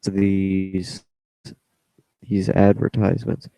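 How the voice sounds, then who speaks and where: In a deep, creaky, mellow voice with a flat, slow delivery, a young man rambles to himself as he edits his podcast. He hums, trails off and pokes fun at himself in casual mumbled self-talk, recorded dry.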